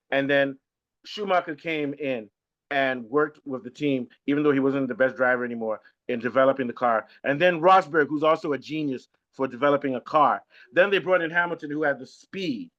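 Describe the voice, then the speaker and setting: Animated man on a lo-fi mic. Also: medium pitch. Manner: animated, repeats words when thinking. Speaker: co-host. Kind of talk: casual podcast chat. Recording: lo-fi dull sound.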